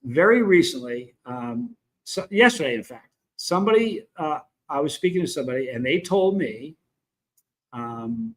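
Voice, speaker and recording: Middle-aged Southern man, livestream host, slightly high voice, blunt and rambling, calls out chat names. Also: animated, normal speed. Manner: rambling, frank, greets viewers in chat.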